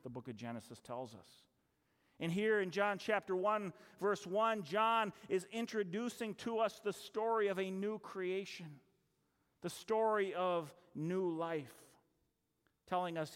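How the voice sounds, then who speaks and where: A male pastor preaching a sermon, telling a story with acted-out dialogue and dramatic pauses. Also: high voice, fairly bright tone, clean tone. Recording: long hall reverb.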